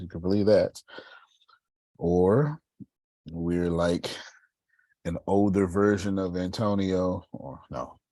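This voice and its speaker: Man, Texas, motivational call host, preachy, emphatic, deep, slow, husky. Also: warm tone, no echo. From Galveston, Texas. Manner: preachy, builds to emphatic exhortations. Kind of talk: motivational talk on a group call.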